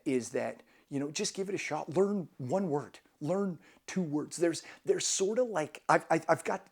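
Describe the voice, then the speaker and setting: A man's voice: on the high side, creaky, a little mellow, breathy edge. A man vlogging casual travel tips to camera, enthusiastic and rambling, with many restarts.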